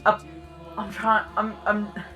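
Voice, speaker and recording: A woman's voice: medium pitch, steady tone, a little slow, sharp tone, lo-fi sound, faint music behind. A British woman giving chatty, self-deprecating reaction commentary, laughing often as she talks. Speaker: vlogger reacting to clips.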